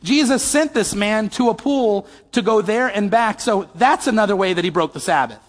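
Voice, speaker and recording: The pastor's sermon is conversational and expressive, delivered at normal speed in a high-pitched voice. He keeps quizzing his listeners, his words ringing out in a big hall with a long reverb tail.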